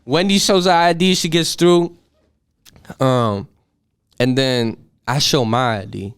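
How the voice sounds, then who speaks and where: An eighteen-year-old man excitedly telling a profane story, acting out the voices of the people in it. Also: mid-range voice, slow pace, smooth, dry recording, studio quality. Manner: animated, profane, acts out voices in his story. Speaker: podcast guest. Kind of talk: casual storytelling.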